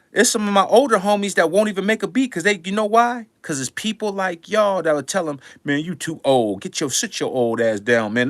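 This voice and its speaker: Older man, emphatic slangy monologue, repeats himself, high voice, very lively. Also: dry recording. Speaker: music producer talking to his audience. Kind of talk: passionate monologue.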